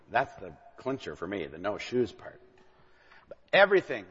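A man's voice: medium pitch, huge pitch swings, slow pace, pauses often, fairly bright tone, breathy edge. A man in his thirties preaching a sermon, retelling a story with asides and acting out the characters' lines. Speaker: pastor. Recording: dull recording with long hall reverb.

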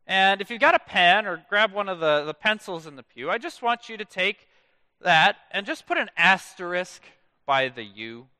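Pastor guy in his 30s preaching, high bright voice, dry close sound, trails off soft at line ends. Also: normal speed, dry recording. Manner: animated storytelling with dramatic soft drops at phrase ends. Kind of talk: sermon. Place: church.

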